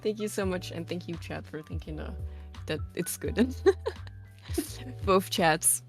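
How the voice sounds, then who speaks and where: A woman's voice: fairly low pitch, measured pace, soft background music. A woman guest on a stream, chatting casually and giggling often, full of enthusiasm.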